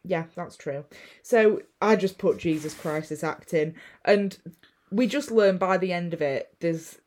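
A young woman with a slightly low voice recaps a film in casual chat. She swears freely and tells the story animatedly, acting out the characters' lines. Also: unhurried, darkish tone. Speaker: podcast co-host.

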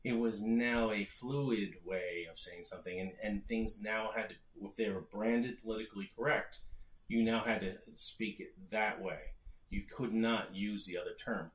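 A middle-aged man co-hosting a podcast, explaining at length and often restarting his phrases. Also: fairly low pitch. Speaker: podcast co-host. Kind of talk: casual discussion. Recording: roomy echo.

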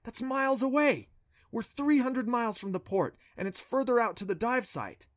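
A man voicing a sharp, skeptical young girl who scoffs and doubts, in a dry storybook reading. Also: very high voice, animated, no echo, pitched above the performer's own voice. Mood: doubtful. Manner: indignant, quick to scoff.

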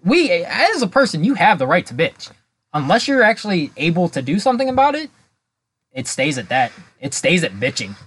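Male podcast co-host, easygoing, slightly raspy voice. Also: high-pitched, huge pitch swings, brisk, a bit bright. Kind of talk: casual podcast chat.

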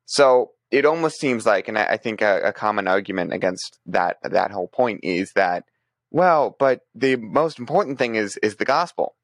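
A man co-hosting a podcast presents the news in a casual, thinking-aloud way, restarting often. His voice is lowish and animated, at a normal speed, with no room sound.

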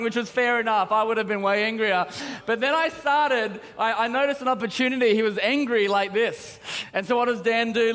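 A young man preaches to a congregation, telling stories with a joking touch. His voice sits high for a man. It carries a long reverb from the large church hall. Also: a bit bright. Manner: storytelling, joking. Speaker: pastor. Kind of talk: sermon.

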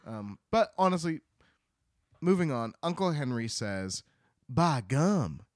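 Lively male co-host, swooping pitch, dry close sound, chatty retelling with voice bits. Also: no room sound. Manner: animated, slips into quick character voices while retelling. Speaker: podcast co-host. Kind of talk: casual book-club chat.

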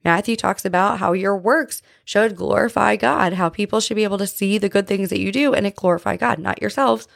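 A woman's voice: mid-range voice, a little fast, vocal fry, few pauses, dry recording, studio quality. A woman hosting a podcast in casual faith talk, chatty and earnest, often asking "right?" and saying "like". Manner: earnest, confessional. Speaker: podcast host.

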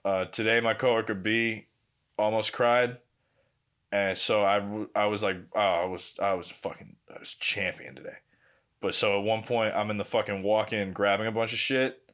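A man's voice: fairly low pitch, fairly bright tone. A man co-hosting a podcast, telling a long casual anecdote full of quoted dialogue, swearing, and laughing as he goes. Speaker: podcast co-host. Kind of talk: casual storytelling chat.

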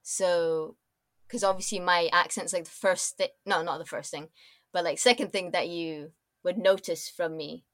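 A designer in her twenties, born in Dubai and raised in Scotland, chats casually as an interview guest with a mixed accent often taken for American or Canadian. Her voice is lowish and a bit bright with fairly even intonation at a moderate pace, recorded clean in a studio with no echo. She laughs often and speaks in loose sentences that keep restarting.

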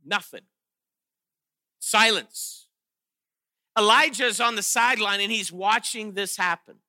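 A man preaching a sermon, animated and playful, often restarting his sentences and acting out quotes with sarcasm. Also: high-pitched, unhurried, no room sound, clean studio sound. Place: chapel or auditorium.

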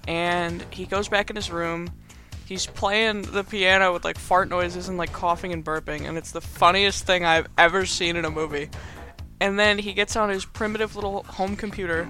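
A man's voice: sits high, steady tone, moderate pace, pushed and bright, faint music behind. A man hosting a podcast, casually recapping a movie in a rambling, chatty way with frequent laughs. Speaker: podcast host. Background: movie soundtrack playing faintly.

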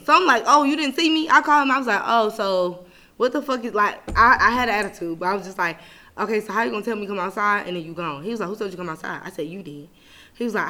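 A young woman hosting a podcast, venting in casual chat, animated and profane, swinging from loud outbursts to low muttering. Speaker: podcast host.

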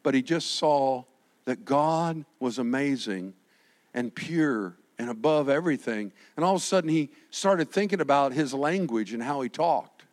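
A pastor preaching a lively sermon, acting out the quotes he reads and swinging from shouts to quiet asides. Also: medium pitch, moderate pace. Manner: animated, swings from shouting to soft, acts out quotes.

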